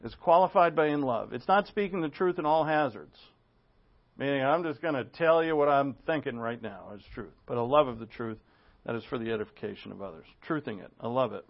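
A man's voice: mid-range voice, lively intonation, brisk, gravelly. A male pastor preaching an expository sermon, full of asides and rhetorical questions. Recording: dull lo-fi sound.

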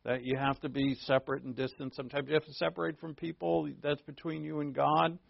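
A man preaching a conversational sermon, earnest, asking rhetorical questions and shifting from emphatic to hushed. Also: fairly high pitch, little pitch movement, a little fast, creaky, dry recording, dull audio. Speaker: pastor.

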